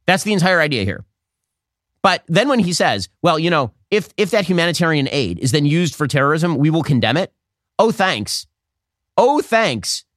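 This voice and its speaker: A man hosting a political commentary show, arguing fast with a sarcastic, combative edge. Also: fairly high pitch, a bit bright, no room sound, clean studio sound. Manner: rapid, sarcastic, argumentative. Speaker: podcast host.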